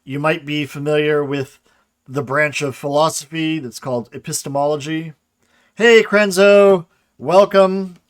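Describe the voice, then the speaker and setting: Man, grammar lecturer, casual livestream, fairly high voice, chatty, checks in often. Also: steady tone, measured pace, clear, resonant tone. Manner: casual explanatory, reads chat questions aloud, frequent "right?". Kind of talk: livestreamed lecture with chat replies.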